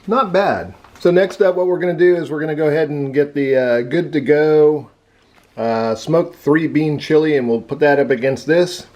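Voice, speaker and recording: A man's voice: fairly high pitch, moderate pace, darkish tone, lo-fi sound. A man giving a casual taste-test review, chewing and talking with his mouth full. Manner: chews and talks with mouth full. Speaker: food reviewer.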